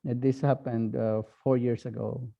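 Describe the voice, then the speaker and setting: A man with a Filipino accent, a priest giving an online talk, speaking slowly and haltingly with many fillers. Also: mid-range voice, little pitch movement, creaky, dull audio. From Philippines. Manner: slow, halting, with frequent fillers.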